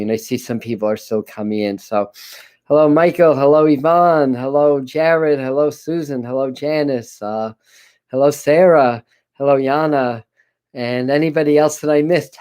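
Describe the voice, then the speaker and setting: Smooth-voiced man chatting on a live stream. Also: mid-range voice. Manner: halting, many restarts and apologies, soft laughs. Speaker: spiritual channeler hosting a live stream. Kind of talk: casual live-stream chat. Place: dim home room. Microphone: computer camera live stream.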